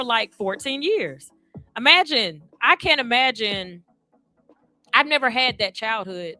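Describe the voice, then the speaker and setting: Bright-voiced woman radio host. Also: a little high. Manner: candid, chatty, addresses listeners directly. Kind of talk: candid personal talk-radio monologue. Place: radio studio.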